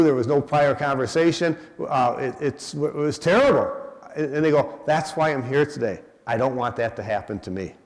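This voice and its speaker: An older man giving a public talk as guest speaker, animated, acting out the people he quotes. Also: on the high side, long reverb tail. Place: event hall.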